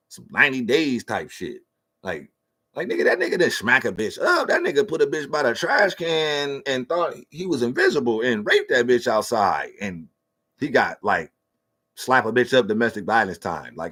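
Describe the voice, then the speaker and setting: A man's voice: mid-range voice, fairly bright tone. A middle-aged man telling a personal story in a casual, profane and emotional rant.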